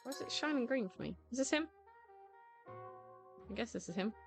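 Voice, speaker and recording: A woman's voice: on the high side, expressive, a little fast, vocal fry, music in the background. A woman chatting casually as she streams a video game, often confused and laughing. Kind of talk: casual let's-play commentary.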